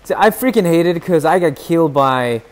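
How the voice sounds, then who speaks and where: A young man streaming a shooter game live, chattering excitably and teasing his chat. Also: a little fast. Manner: excitable, yelps in sudden high bursts.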